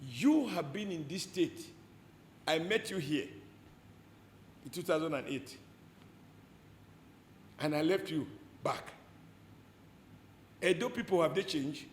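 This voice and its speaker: A Nigerian man speaking as a politician in an interview, forceful and rhetorical, hammering home short repeated phrases. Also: on the high side, expressive, slow pace, pauses often, roomy sound, slight background noise.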